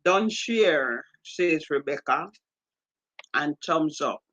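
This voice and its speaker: A woman's voice: sits low, lively intonation, slow pace, fairly bright tone, dry recording, dull audio. A woman with a Jamaican accent hosting a live stream, reading out viewer comments and greeting each viewer by name. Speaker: livestream host.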